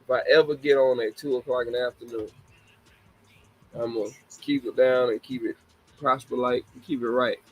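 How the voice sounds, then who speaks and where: A man's voice: medium pitch, fairly even intonation, normal speed, a little hiss or hum, poor audio. A man in his forties hosting a casual live talk show, laughing often and apologizing to young listeners he calls babies. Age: 40s. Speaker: show host.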